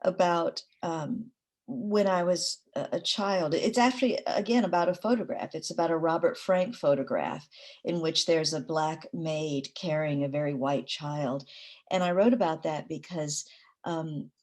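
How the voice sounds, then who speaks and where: A middle-aged woman poet talking in a reflective conversation, thoughtful, with many pauses and fillers and easy laughter. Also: deep voice, darkish tone. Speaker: poet, interview guest.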